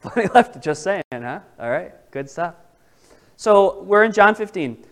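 A man's voice: sits high, animated, a little slow. A man leading an interactive Bible study, talking casually and asking the group questions. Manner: conversational, asks the group questions.

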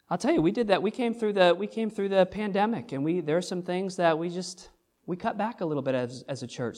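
A man's voice: fairly high pitch, a little mellow. Earnest man preaching a sermon. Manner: earnest, emphatic preaching with repeated phrases and rhetorical questions. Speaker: pastor. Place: church.

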